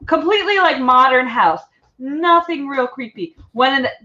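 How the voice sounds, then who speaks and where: A woman co-hosts a casual podcast, rambling chattily through her stories. Her voice sits a little high and sounds bright and sharp. The audio is dull and lo-fi. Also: expressive, moderate pace. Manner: chatty, rambling, full of fillers. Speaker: podcast co-host. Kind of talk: casual chat.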